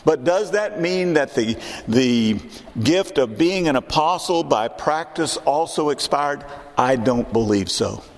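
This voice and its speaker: A man's voice: on the high side, lively intonation, slow, hardly any pauses, in a large hall. A man in his sixties preaching a sermon in a church, emphatic and repeating his key questions. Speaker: pastor. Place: church sanctuary.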